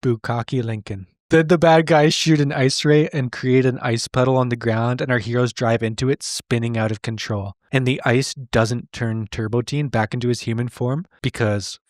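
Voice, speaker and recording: A man's voice: medium pitch, steady tone, moderate pace, few pauses, no room sound, clean studio sound. A man co-hosting a comedy show, recapping an old cartoon with sarcastic, incredulous narration. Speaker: podcast co-host recapping a cartoon. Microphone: remote call mic.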